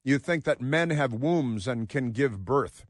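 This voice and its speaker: A man's voice: mid-range voice, animated, measured pace, dry recording, studio quality. A man hosting talk radio, mocking and rambling, with frequent filler words. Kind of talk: casual talk radio commentary.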